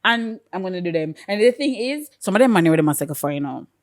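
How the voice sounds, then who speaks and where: A young Jamaican woman co-hosting a podcast, chatting casually in a rambling, animated way and slipping into patois. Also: fairly low pitch, quick pace. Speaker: podcast co-host. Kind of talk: casual chat.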